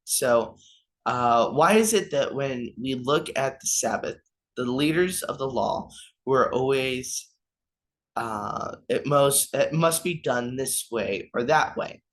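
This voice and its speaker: A man's voice: mid-range voice, expressive, slow pace, fairly bright tone. Young guy doing a youth devotional, kinda stumbly, apologizes a lot, mid voice. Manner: informal, stumbling over names, apologetic asides. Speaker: youth minister. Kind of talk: devotional reflection.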